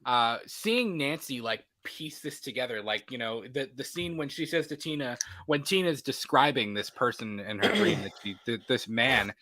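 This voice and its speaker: A man's voice: mid-range voice, lively intonation, moderate pace, hardly any pauses, sharp tone. A man hosting a movie podcast, talking casually and animatedly with many fillers and restarts. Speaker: podcast host.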